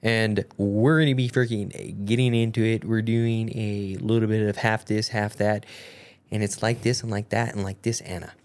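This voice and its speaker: A woman's voice: very deep voice, steady tone, moderate pace, darkish tone. A woman co-hosting a podcast in casual chat, goofy and rambling, with many fillers and restarts. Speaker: podcast co-host.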